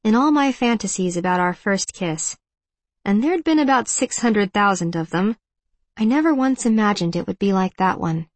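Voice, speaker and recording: A woman narrates a first-person audiobook, reflective and measured in her delivery. Her voice sits mid-range, recorded dry and close with no room echo. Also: mid-range voice.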